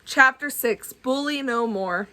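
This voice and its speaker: A woman reading a children's book aloud, adding gentle, chatty asides for kids. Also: high voice, slow pace. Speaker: storybook reader.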